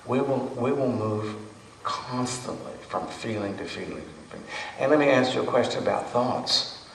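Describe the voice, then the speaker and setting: A male meditation teacher giving a dharma talk to a retreat group, unhurried and light, drawing out his key words. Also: mid-range voice. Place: meditation hall. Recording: echoey hall, voice from far off, faint hum.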